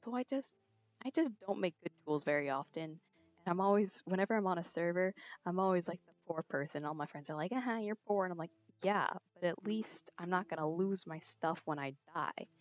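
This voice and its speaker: A lowish female voice, a little fast, with faint music behind it. A teenage streamer chats while gaming, rambling through a story and giggling often, and her small earbud mic makes the sound dry, dull, and lo-fi.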